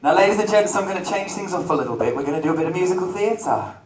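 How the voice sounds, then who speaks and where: A man's voice: sits high, animated, very fast, crowd noise. A man doing camp, self-mocking stage banter as a drag entertainer at a holiday park venue. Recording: echoey venue recorded from far off.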